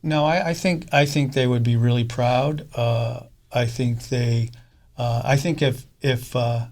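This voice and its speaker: A middle-aged man speaking in a casual interview as a fund co-founder, halting often with fillers and restarts. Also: medium pitch, fairly even intonation, darkish tone.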